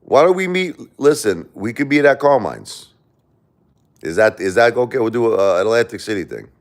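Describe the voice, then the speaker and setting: A middle-aged man chatting loosely on a livestream. His voice sits very low, yet his pitch swings widely as he jokes, swears and rambles through comments. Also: animated, normal speed. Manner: rambling, profane, joking with chat. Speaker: livestream host. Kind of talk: casual livestream chat reading comments.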